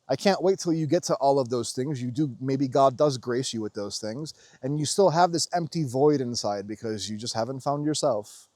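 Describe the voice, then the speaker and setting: A man delivers an unscripted spiritual monologue in a plain, mid-pitched voice. He is blunt and profane and swings his pitch widely whenever he mimics other people. The sound is dry and close. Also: moderate pace, a little mellow, dry recording. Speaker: spiritual vlogger.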